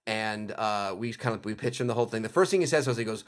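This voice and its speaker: A male comedy writer and producer, a podcast guest, telling a story in a lively, quick, run-on way with lots of "like"s and frequent laughter. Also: on the low side.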